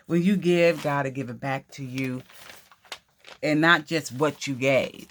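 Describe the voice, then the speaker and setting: A woman's voice: a bass voice, unhurried, a little hiss or hum. A woman casually chatting through an unboxing vlog at home, effusive, gasping and repeating her words. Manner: effusive, exclaims and gasps over items, repeats phrases. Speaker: crafting vlogger.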